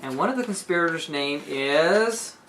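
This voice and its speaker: A woman walks her listeners through a play in a chatty, enthusiastic way. She keeps checking in to make sure they are following. Her voice is bright and forward. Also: deep voice, expressive, moderate pace, slight background noise. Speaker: book reviewer and teacher. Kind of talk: casual explanatory retelling.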